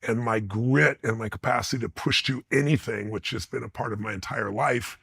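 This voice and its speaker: Gravelly, husky man telling stories. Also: medium pitch, fairly quick, a bit bright, dry recording. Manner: intense, emphatic and blunt. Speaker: interview guest. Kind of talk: animated personal storytelling.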